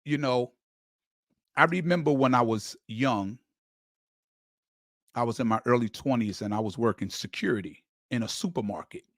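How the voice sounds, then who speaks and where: A sports channel host with a medium-pitched, fairly bright voice speaks at normal speed with frequent pauses, in clean, echo-free studio sound. His casual fan monologue is emphatic and rises to heated emphasis, with lots of stammering restarts and repeated words.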